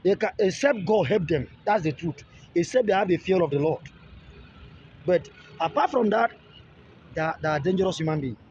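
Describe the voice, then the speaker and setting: A man talks through a loose teaching monologue, high-pitched yet dark and husky in tone. He circles back on his own words, restarting phrases as he goes. The audio is dull and lo-fi. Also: animated, moderate pace, slight background noise. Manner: repetitive, restarts phrases, pleads with viewers. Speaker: relationship video creator.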